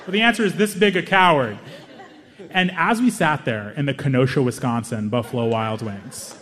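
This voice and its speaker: A young man telling a long comic story on stage, self-mocking and animated, with quick asides. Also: medium pitch, big-room sound, noisy background. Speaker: stand-up comedian. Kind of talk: stand-up storytelling.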